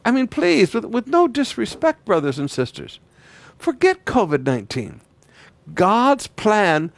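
Male pastor mid-sermon, fairly high voice, dry close sound, stammers and repeats as he presses a point. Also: no room sound. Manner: repeats words, swings between loud declaring and quiet emphasis.

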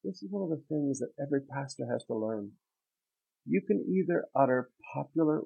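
A man's voice: mid-range voice, animated, fairly quick, creaky, dark tone, slightly rough. A man preaching a sermon as a pastor, reading scripture aloud and then expounding it emphatically. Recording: tinny phone-like sound.

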